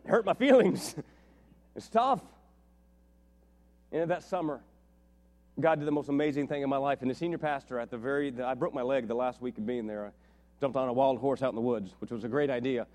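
A middle-aged man from West Virginia preaching a sermon, telling stories and rising to animated, shouted peaks. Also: medium pitch, brisk, pauses often. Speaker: pastor.

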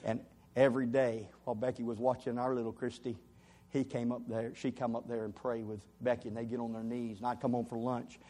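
A man as a pastor, preaching a sermon as an animated story with rising emphasis. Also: medium pitch, a little fast.

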